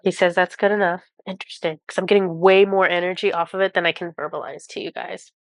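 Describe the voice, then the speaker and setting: A woman with a cold, reading oracle cards and channeling messages for viewers in a halting, awestruck way with many pauses. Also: on the low side, fairly even intonation, dry recording, studio quality. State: has a cold. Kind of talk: intuitive card reading to viewers.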